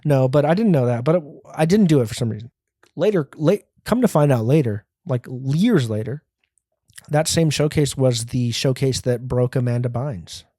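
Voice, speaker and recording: A male comedian riffs through a casual solo rant, profane and self-mocking as he wanders between stories. His tone is mellow and dark, and the recording is close and dry. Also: mid-range voice, animated, normal speed, dry recording. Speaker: comedian and podcast host.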